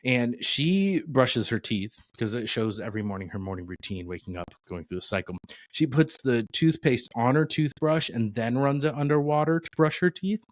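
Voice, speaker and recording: A man co-hosting a podcast in casual chat, relaxed and rambling, with frequent "uh" and "um". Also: mid-range voice, moderate pace, no echo. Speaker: podcast co-host.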